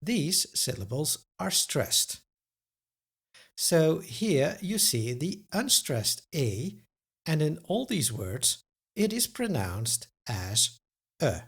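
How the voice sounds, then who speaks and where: A man's voice: a little high, sing-song, takes it slowly, fairly bright tone, slightly rough. A man teaching a pronunciation lesson, carefully enunciating each example word and then giving its translation. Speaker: Dutch language teacher.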